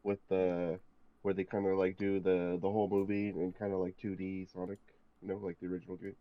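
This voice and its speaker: A laid-back man with a very low voice talks slowly through his thoughts on a podcast. He hesitates and fills gaps with uh and like. The sound is a bit dull and muffled. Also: completely flat delivery, no room sound. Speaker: podcast co-host. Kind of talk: casual chat.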